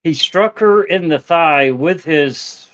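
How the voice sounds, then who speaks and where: Hesitant man, slightly high voice. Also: a bit bright, no echo, highs cut off. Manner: hesitant, halting. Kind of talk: casual chat.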